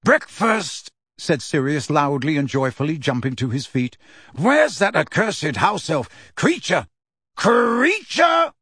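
A man reading an audiobook, voicing a boisterous godfather who speaks loudly, then steadily and firmly. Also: on the high side, expressive, measured pace, breathy edge, no echo, studio quality, full character voice. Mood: hearty. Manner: hearty, then firm and reassuring. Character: adult male godfather, boisterous yet steady and firm.

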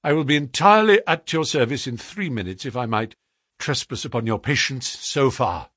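A man voicing a nervous male company manager who talks in a rushed, strained, pleading way. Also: medium pitch, expressive, fairly bright tone, husky, no room sound, clean studio sound. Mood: forced calm.

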